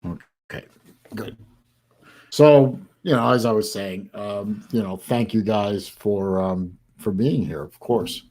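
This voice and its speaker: Speaking slowly in a lowish, darkish voice, an older Florida man chats casually on his livestream. He yawns and sounds worn out, rambling with many filler words.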